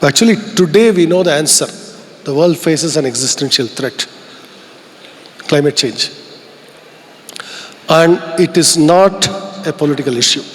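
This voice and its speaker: A man with a fairly high voice and an Indian English accent delivers a heartfelt conference keynote, expressive and a little slow, with long pauses. He muses openly and poses rhetorical questions to the audience as the vast hall echoes at length.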